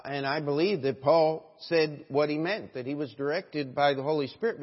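A male American pastor preaching a sermon in a church, moving from quiet reflection to loud, emphatic exhortation and often calling out "Amen?" to the congregation. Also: on the high side, breathy edge. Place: church sanctuary. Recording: dull recording with long church reverb.

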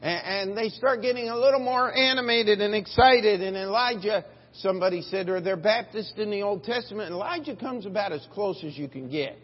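A male pastor preaching a sermon, retelling a Bible story in a folksy, animated way and acting out the voices. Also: high-pitched, fairly quick, hardly any pauses, slightly rough. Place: church sanctuary. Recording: dull lo-fi church recording with long reverb.

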